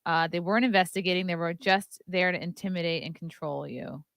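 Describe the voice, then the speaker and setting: A woman's voice: lowish voice, brisk, vocal fry, fairly bright tone, dry recording, studio quality. A woman podcast host interviewing a guest, reacting bluntly and swearing casually.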